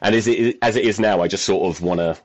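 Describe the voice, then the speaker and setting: A fast-talking man with a lowish voice hosts a podcast, swearing freely as he tells rambling, self-mocking stories in casual chat.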